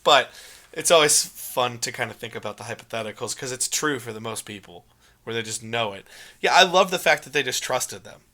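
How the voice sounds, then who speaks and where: A young man with a bright, forward voice co-hosts a casual movie podcast. He talks in long, emphatic runs, animated and quick to press his points. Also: medium pitch. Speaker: podcast co-host.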